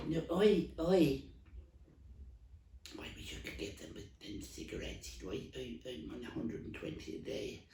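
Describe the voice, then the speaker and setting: Male actor as a gabby old Dublin stall lady, smoker's rasp, dark tone, distant roomy mic. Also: mid-range voice, very animated, measured pace, long pauses. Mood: gossipy. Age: older. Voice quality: gravelly, coughing heavy smoker. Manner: rambling, stumbling storyteller with many restarts. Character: elderly Dublin woman market stall trader, chatty, rambling. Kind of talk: comic character monologue.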